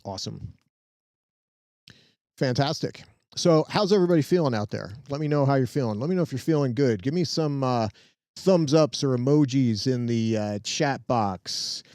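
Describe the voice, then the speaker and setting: A man's voice: medium pitch, lively intonation, moderate pace, a little mellow, dry recording, clean studio sound. A man hosting a casual live-stream tech demo from his home lab, chatty and upbeat as he talks to viewers while he works. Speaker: host and tech trainer.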